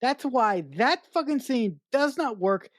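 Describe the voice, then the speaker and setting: A woman's voice: sits high, lively intonation, measured pace, dry recording. A woman co-hosting a podcast, picking apart a film in blunt, exasperated casual talk full of swearing. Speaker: podcast co-host. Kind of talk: casual film review chat.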